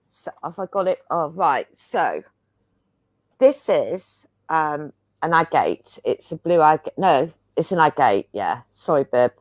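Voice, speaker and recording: A woman appearing as a guest healer talks over a video call about spiritual practice, earnest, rambling and chatty. Her voice is low-pitched and expressive, she takes her time, and there's no echo.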